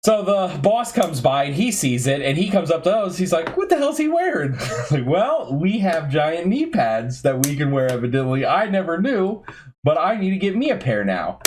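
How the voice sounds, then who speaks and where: A man on a podcast telling a funny story about an old job in a casual, animated way, acting out the quotes. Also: a little high, slight background noise. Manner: animated, laughing, acts out quotes. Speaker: podcast co-host.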